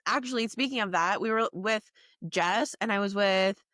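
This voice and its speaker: A woman's voice: medium pitch, moderate pace, fairly bright tone, dry recording, clean studio sound. Blunt, sarcastic woman podcast co-host. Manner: blunt, profane, sarcastic asides. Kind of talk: casual chat.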